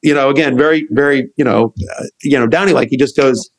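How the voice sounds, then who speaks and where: A middle-aged man, a podcast guest, telling a long anecdote in an animated, rambling way, acting out what others said. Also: mid-range voice, quick pace, slight background noise, rough recording. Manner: animated, acts out quotes of others; rambling with restarts and fillers. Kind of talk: storytelling in a podcast conversation.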